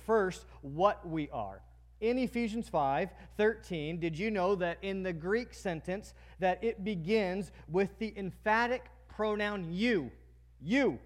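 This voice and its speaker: Earnest male pastor preaching. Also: sits high. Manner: earnest, emphatic, rising to loud exhortation. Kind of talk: sermon with prayer.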